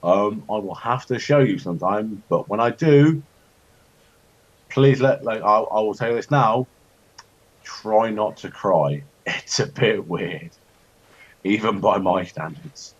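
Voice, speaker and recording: A man chatting and joking while playing a strategy game, rambling, with sudden high-pitched outbursts. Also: slow pace, breathy edge. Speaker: co-host of a gaming chat show. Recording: dull lo-fi home recording.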